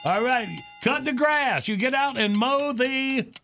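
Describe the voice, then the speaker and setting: Bright-voiced male radio host. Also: very high voice, measured pace, gravelly, soft background music. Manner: laughing, upbeat game-show patter. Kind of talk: hosting a word game on a radio show.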